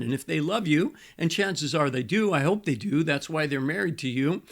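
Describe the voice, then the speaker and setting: Older pastor coaching couples, slightly high voice. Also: male voice, creaky. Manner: conversational, repeats key points, frequent fillers. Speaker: Christian marriage coach and pastor. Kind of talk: teaching to camera.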